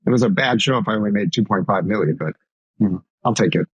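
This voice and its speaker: A man, a former broadcaster, guesting on a podcast and egging the others on in animated casual chat. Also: fairly low pitch, quick pace, slightly rough, no echo, dull audio.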